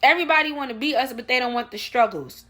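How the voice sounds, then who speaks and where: Talking fast in a high, bright voice, a female vlogger delivers an opinion rant straight to the camera. She hammers her points emphatically, repeats rhetorical questions, and addresses everyone as "y'all."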